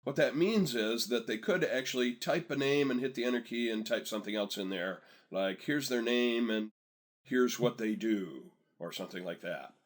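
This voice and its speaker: A man at a middle pitch walks through a software task over a screen recording. His manner is easygoing and conversational, and he keeps checking in with learners to pause the video and follow along. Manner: relaxed, chatty, tells viewers to pause and catch up. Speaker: software instructor. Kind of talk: screen-recorded tutorial narration.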